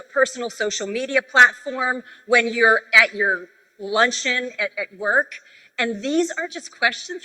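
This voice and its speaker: A woman speaking at a sales convention, coaching the audience in a conversational, animated storytelling manner. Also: fairly high pitch. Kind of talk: sales training talk on stage. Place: large convention hall. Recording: reverberant convention hall.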